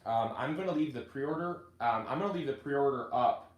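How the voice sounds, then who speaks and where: A man hosting a casual gardening video, chatting in a halting way with many restarts. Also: mid-range voice, echoey room, highs cut off. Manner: chatty, halting restarts, gets choked up reading. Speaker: gardening channel host and author. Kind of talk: casual live video chat.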